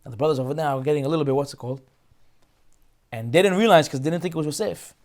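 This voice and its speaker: Fast-talking rabbi telling a story. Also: male voice, fairly high pitch. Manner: animated, rapid storytelling with restarts. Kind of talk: Torah class storytelling.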